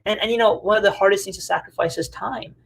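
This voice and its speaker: A man with a fairly high, gravelly voice gives a relaxed talk to a group about relationships. He speaks casually and animatedly, full of fillers and quick acted-out quotes.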